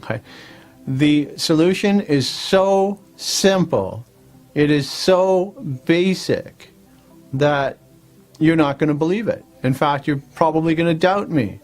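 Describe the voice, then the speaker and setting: A man's voice: fairly high pitch, slow pace, soft background music. Coaxing man giving a self-help talk. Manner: coaxing, repetitive, checks in with "all right?". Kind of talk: motivational talk to camera.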